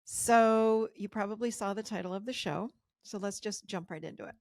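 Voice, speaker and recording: Woman podcast host, personal story, gravelly fry, dry close sound. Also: normal speed, dry recording. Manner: animated retelling, voice jumps high when quoting her shock.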